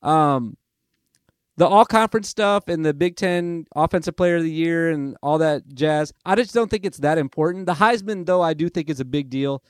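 Young guy rambling on his sports podcast, kinda high voice, dry close mic, laughs at himself. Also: normal speed, clean tone, dry recording. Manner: chatty, rambling, self-amused. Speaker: podcast host. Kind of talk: casual sports podcast monologue. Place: lives in Nashville.

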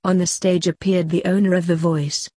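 A woman reading a short story aloud in a calm, even storytelling voice. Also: on the low side, moderate pace, no room sound, studio quality. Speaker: narrator. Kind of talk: scripted story narration.

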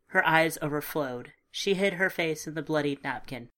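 A woman narrating a first-person story in a calm, measured, understated way. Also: deep voice. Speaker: audiobook narrator.

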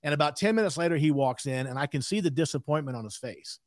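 A man's voice: a little high, lively intonation, quick pace, no room sound, clean studio sound. A man in his sixties, a podcast guest telling a candid story in an emphatic way with frequent asides.

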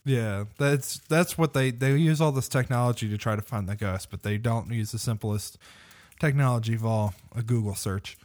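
A man's voice: mid-range voice, normal speed, a little mellow. A man co-hosting a podcast in casual chat, rambling and hesitant, laughing often. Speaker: podcast co-host.

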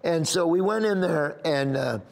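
A man's voice: fairly high pitch, normal speed, vocal fry, in a large hall. A man, a comedian, telling a rambling, emotional story in an interview, often near tears and laughing. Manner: rambling, tearful and laughing as he recalls.

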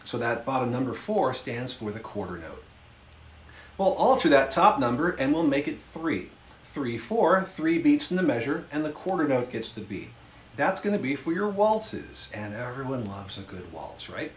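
This man's voice sits mid-range with a sing-song lilt, and there's slight background noise. He's teaching beginners about time signatures, strumming and counting the beats slowly and patiently. It's an instructional lesson with demonstrations, recorded in a roomy space with the instrument playing.

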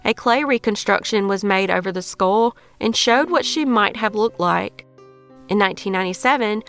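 A woman with a Southern US accent narrates a true crime case in a measured, scripted read. Her voice is smooth and resonant, and soft music plays faintly underneath. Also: mid-range voice. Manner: measured, even reading. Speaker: true crime podcast host.

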